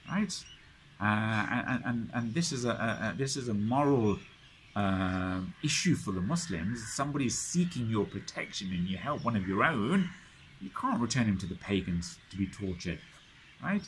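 A man's voice: fairly low pitch, lively intonation, moderate pace, fairly bright tone, slight background noise. A man teaching a study circle, retelling history dramatically with many restarts and frequent checks of "right?". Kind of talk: lecture storytelling.

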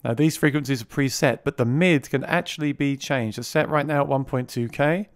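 A man walks through a piece of music gear in a chatty demo, often repeating a word as he restarts a thought. His voice sits at a middling pitch and runs through a vocal mic plugged into the device itself. The sound is dry and close, with no room around it. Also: brisk, no room sound. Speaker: gear reviewer. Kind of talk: casual product demo. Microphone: vocal mic routed through the mixer being reviewed.

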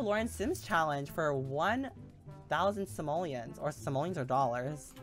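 A man's voice: fairly high pitch, lively intonation, normal speed, fairly bright tone, soft background music. Dramatic, gasping man streamer. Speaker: game streamer. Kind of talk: live game stream reactions.

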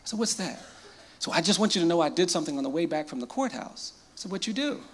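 A man, a lawyer, telling a story with dramatic pauses and quoting others in his own voice. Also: fairly high pitch, a bit bright, slight background noise. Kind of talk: storytelling talk.

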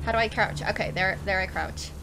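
A woman's voice: mid-range voice, fairly quick, gravelly, noisy background. A woman giving chatty let's-play commentary on a game, swearing often and breaking into panicked shrieks and laughter. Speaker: video game streamer. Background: game music and sound effects.

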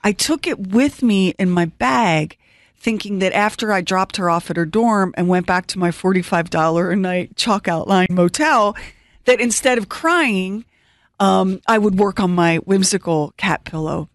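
Lively storytelling woman, dry studio mic. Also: unhurried, no room sound. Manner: animated, self-mocking storytelling with squeaky teary quoted outbursts. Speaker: radio show co-host. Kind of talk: storytelling chat.

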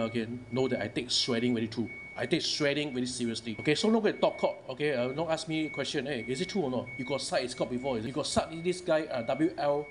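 A man with a Singaporean English accent ranting angrily in a phone voice message, agitated and ending nearly every phrase with "okay?". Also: mid-range voice. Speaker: chat group member. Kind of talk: angry voice-message rant.

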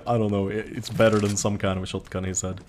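A man with a Swedish accent talks through his match in a relaxed, profane way. His voice sits a little low, and a faint hiss runs under the mic. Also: brisk. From Jämtland, Sweden. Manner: casual, swears a lot, laughs often. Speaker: gaming commentator. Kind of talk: live gameplay commentary.

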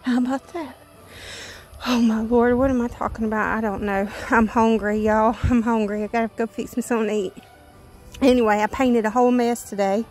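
A middle-aged woman with a Southern US accent, chatting casually and joking in animated, rambling rants as host of her painting channel. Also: on the high side, a little fast, faint music behind.

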